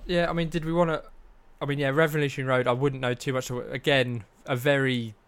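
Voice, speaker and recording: A man's voice: medium pitch, steady tone, a little fast, fairly bright tone, smooth. A man co-hosts a casual film chat. He talks in an easygoing, rambling way and gives his views drily. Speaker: podcast co-host.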